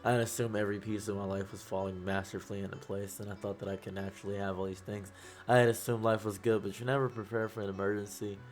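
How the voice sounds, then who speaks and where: A young man talking to camera in a halting, upset way, close to tears, repeating himself and trailing off. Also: on the low side, flat delivery, faint music behind. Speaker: YouTuber. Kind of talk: emotional talk to camera.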